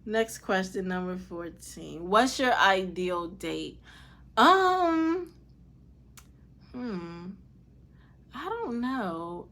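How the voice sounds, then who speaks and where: A young woman vlogger speaking, answering viewer questions in casual, candid, profane chat that drops soft and quiet at tender moments. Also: mid-range voice, animated, extremely slow, long pauses.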